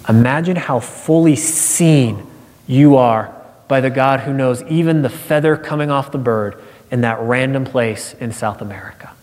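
A man preaching a sermon in an earnest voice, moving from hushed, quiet lines to emphatic repeated phrases. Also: on the high side. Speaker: pastor. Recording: long reverb of a large hall.

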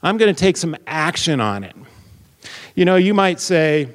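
A man preaching a Bible teaching sermon, explaining deliberately and posing questions to his listeners. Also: fairly high pitch, big pitch swings. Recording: long reverb of a large hall.

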